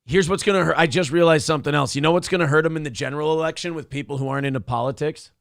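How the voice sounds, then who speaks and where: Gravelly, jokey male talk-show co-host. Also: a little high, racing, noisy background. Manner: loose, swearing, jokey, reads viewer comments aloud. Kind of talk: casual chat.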